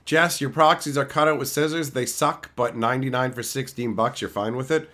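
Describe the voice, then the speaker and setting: A man streaming live, answering chat in a crude, combative rant and breaking into mocking shouts. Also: mid-range voice, steady tone, fairly quick. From Canada.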